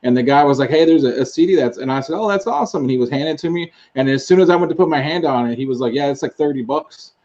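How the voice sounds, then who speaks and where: Fast-talking Texan man on lo-fi audio. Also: mid-range voice, darkish tone. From Texas. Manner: quick, rambling advice-giving. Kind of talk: casual chat.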